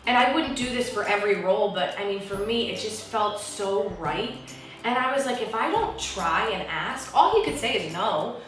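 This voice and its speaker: A woman from New Jersey, an actress telling a story to an interviewer in a lively manner, acting out the voices of the people she quotes. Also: moderate pace. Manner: lively, acts out quotes with big pitch swings. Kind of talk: animated storytelling in a conversation. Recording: echoey room heard from a distance, faint music.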